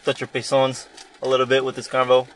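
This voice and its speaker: A man's voice: mid-range voice, monotone, quick pace, background noise. A young man hosting a podcast from inside a car in the rain, telling a long, rambling, profane story in a casual chat. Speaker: podcast host.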